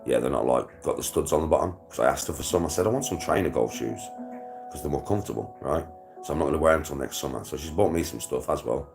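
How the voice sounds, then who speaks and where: This young British man livestreams a casual chat, laughing often and leaning on slang and swearing. His voice is extremely low and creaky, and he talks at a quick pace. Music plays in the background.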